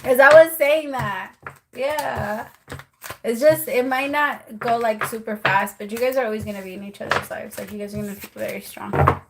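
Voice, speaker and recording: A woman's voice: a little high, fairly even intonation, normal speed, vocal fry, very noisy. A woman giving tarot readings on a live stream, chatty and apologetic, laughing often. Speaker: tarot reader.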